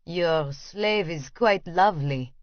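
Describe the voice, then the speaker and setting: A woman voicing a leering wealthy man who has a hint of a French accent and a smooth, insinuating way of talking. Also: on the low side, takes it slowly, no echo, lo-fi sound.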